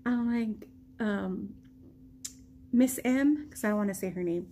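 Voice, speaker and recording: A woman's voice: medium pitch, unhurried, a little hiss or hum. An American woman vlogging a personal story in a casual way, acting out what people said. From United States. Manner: animated retelling, acting out quoted lines.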